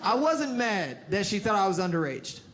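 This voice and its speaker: A young man doing stand-up comedy, telling an exasperated story with animated shouted bits, into a handheld mic on a club stage. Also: high voice, moderate pace. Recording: loud audience laughter and noise.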